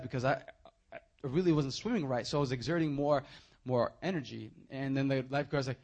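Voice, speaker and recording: A young male preacher with a voice that sits a little high. He tells stories with lively, swinging energy, then turns quiet and earnest when he makes his point. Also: a little fast. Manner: animated storytelling, swinging from hushed to loud. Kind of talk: sermon.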